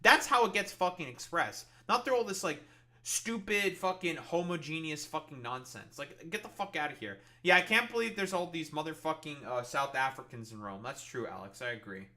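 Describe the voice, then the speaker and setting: A man's voice: fairly high pitch, lively intonation, moderate pace, sharp tone. A man hosting a casual reaction show, mocking a video in a profane rant. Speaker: podcast host reacting to videos.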